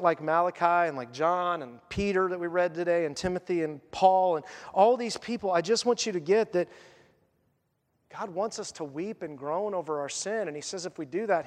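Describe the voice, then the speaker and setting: A man's voice: high-pitched, long reverb tail. A man preaching a sermon as a pastor, earnest, and voicing the people he quotes.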